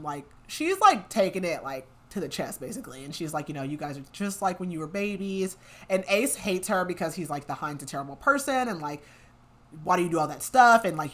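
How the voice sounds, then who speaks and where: A woman's voice: low-pitched, fairly bright tone. Chatty young woman recapping a book. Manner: chatty, lots of "like" fillers, laughs often. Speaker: podcast co-host.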